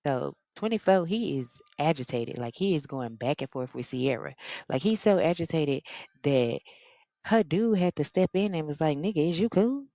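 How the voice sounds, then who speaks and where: A woman with a slightly low voice hosting a reaction channel. She recaps reality TV drama in a sassy, slangy, animated way. The sound is dry and close. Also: normal speed, vocal fry, no room sound. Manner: animated, slangy, sassy storyteller who acts out the quotes. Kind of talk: casual reality-TV recap commentary.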